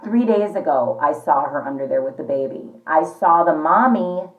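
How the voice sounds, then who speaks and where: A woman's voice: low-pitched, expressive, moderate pace. A woman vlogging at home in a chatty, rambling way, often calling her viewers "you guys". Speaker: pet vlogger. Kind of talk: casual chat to camera. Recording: echoey, slightly dull home recording.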